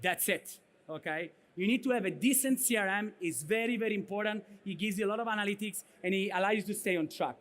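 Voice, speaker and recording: A man with a thick Italian accent delivers a conference keynote in a high voice. He speaks bluntly and punchily. He keeps checking in with the audience with "right?" and "okay?". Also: fast, fairly bright tone. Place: conference stage.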